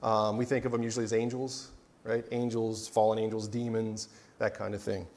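Chatty preacher with "right?" asides. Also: male voice, fairly low pitch, little pitch movement, brisk, darkish tone. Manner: conversational, keeps asking "right?"; joking asides, restarts. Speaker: pastor. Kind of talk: casual sermon.

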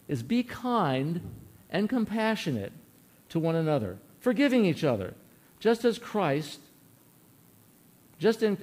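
A man's voice: on the high side, a little mellow. A man preaching a sermon in an earnest, folksy way, telling a personal story and asking his listeners questions.

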